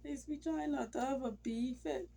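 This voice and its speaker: A woman's voice: high voice, fairly quick, gravelly, mellow. A woman talking casually to her camera in a rambling, emotional way. She has a cold and sometimes drops into near-whispers. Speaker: vlogger. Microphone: phone or camera mic.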